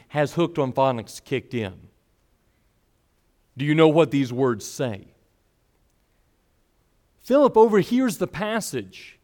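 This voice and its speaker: A man preaching a sermon in a fairly high voice. He reads scripture aloud and acts out the people in the story, with plenty of expression. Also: a little mellow.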